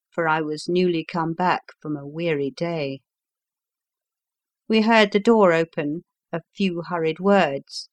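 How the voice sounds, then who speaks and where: Slow, low-voiced woman narrating. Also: no echo. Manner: measured, unhurried storytelling. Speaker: audiobook narrator. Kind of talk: scripted narration of a classic story.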